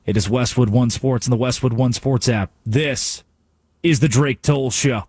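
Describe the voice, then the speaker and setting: A male sports radio host delivering an animated, sarcastic rant from a studio. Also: medium pitch, a little slow, a little hiss or hum. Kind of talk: sports talk radio monologue.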